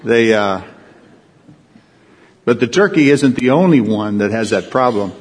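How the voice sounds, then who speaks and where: A man's voice: mid-range voice, expressive, measured pace, in a large hall. A man, a pastor preaching a sermon in a folksy storytelling way, with emphatic rises.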